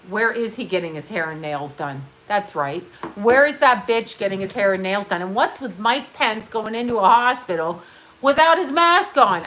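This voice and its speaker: A woman's voice: mid-range voice, pushed and bright. A woman in her fifties hosting a casual livestream, chatting bluntly and with plenty of profanity while she does her nails. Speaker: livestream host. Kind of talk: casual rambling livestream chat.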